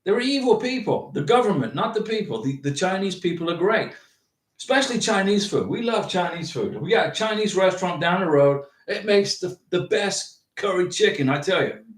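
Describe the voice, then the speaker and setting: A man hosting a livestream, chatting casually and reading out viewer comments in an animated, rambling way with many restarts. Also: high-pitched, normal speed, distant mic. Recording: roomy echo, from off the mic.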